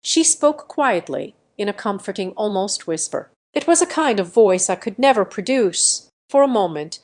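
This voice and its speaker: A woman narrating a first-person romance audiobook in a gentle, earnest storytelling manner. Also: mid-range voice, expressive, moderate pace.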